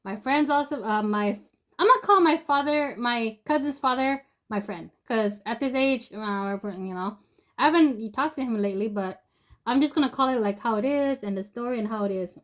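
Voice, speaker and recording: A woman's voice: fairly high pitch, moderate pace. A young woman telling a personal story in a loose, rambling way, full of fillers and restarts. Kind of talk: casual spoken storytelling.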